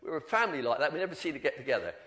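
An older man giving an informal, animated church talk, telling stories about himself with many restarts. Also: a little high, very fast, noisy background. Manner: animated storytelling, self-deprecating, many restarts. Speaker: lay preacher.

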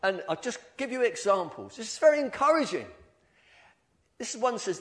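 A middle-aged male pastor preaching a sermon in an earnest, halting way, often restarting his words. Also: on the high side, very animated.

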